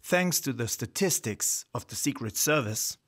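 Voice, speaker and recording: A man reading the narration of a fan-made science-fiction audio drama with measured, dramatic delivery. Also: mid-range voice, animated, a bit bright.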